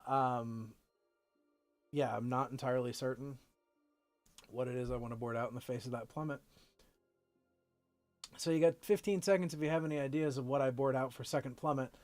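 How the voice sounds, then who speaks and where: A man's voice: medium pitch, normal speed, pauses often, darkish tone, faint music behind. A man live-streaming a card game, casually thinking aloud with playful jokey asides. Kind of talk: casual gameplay commentary.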